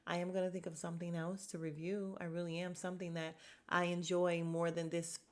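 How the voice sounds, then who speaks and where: A woman talks through a TV recap in a loose, chatty way. Her voice sits a little low, and she is blunt and fed up with the drama. She sighs and laughs as she goes. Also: little pitch movement, fairly quick. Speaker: podcast host reviewing a reality show. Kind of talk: casual recap commentary.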